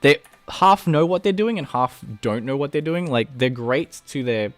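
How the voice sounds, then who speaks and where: A man's voice: medium pitch, animated, normal speed, dry recording, soft background music. A young man with an Australian accent, chatting casually on a live stream as he animates, rambling with many fillers and restarts. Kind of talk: casual livestream chat.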